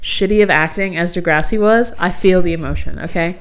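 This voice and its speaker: A woman's voice: lowish voice, brisk. A young adult woman co-hosting a podcast, ranting in casual chat, swearing a lot and laughing often. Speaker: podcast co-host.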